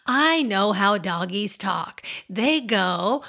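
A woman hosts a show for young children, leading games in a silly, sing-song manner. Her voice sits a little high and swoops about a great deal as she speaks. She takes her time, and her voice has some gravelly fry. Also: sing-song, takes it slowly, fairly bright tone. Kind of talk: playful talk to young children.

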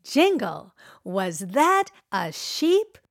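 A woman's voice: medium pitch, sing-song, drawn-out words, gravelly, over music. A woman hosting a children's radio show, talking playfully to young kids in a sing-song way. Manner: playful, sing-song, teasing guessing games. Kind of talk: cheerful talk to young children.

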